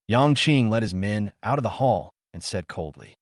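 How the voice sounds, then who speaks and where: Man narrator for a manhwa recap, low and lively in pitch, dry studio sound. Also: normal speed, hardly any pauses, no room sound.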